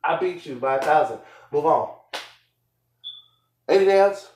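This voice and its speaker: Furious man yelling in an echoey room. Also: a little high, lively intonation, measured pace, a little hiss or hum. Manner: angry, profane, repetitive shouting. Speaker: live stream host. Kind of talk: heated argument on a live stream.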